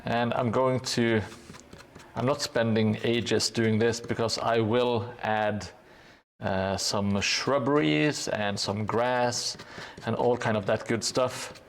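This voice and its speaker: Male hobby streamer, unhurried and hesitant delivery with a dry joking manner, gravel in the voice. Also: mid-range voice, fairly even intonation, slight background noise. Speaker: live streamer building a tabletop gaming board. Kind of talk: casual live-stream chat while painting.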